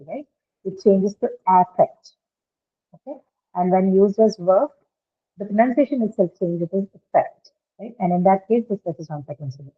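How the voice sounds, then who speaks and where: Woman teaching over a tinny line. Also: medium pitch. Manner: patient, explains step by step, keeps checking with "right?". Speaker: English pronunciation teacher. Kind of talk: online classroom lecture.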